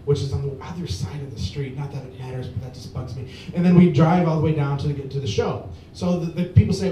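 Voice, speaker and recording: A man's voice: fairly quick, few pauses, warm tone. A man doing stand-up at an open mic, telling a long rambling story with lots of fillers. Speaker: stand-up comedian. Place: small bar at open mic. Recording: echoey bar from far off with faint rumble.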